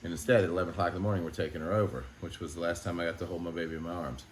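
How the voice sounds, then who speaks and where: A man who runs an animal sanctuary, speaking in an emotional vlog monologue, halting and frustrated, often swearing. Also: sits low, steady tone.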